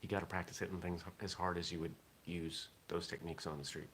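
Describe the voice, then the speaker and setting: A man's voice: low-pitched, little pitch movement, quick pace, fairly bright tone, a little hiss or hum. A man hosting a casual morning vlog, rambling and thinking aloud with fillers. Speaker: vlog host.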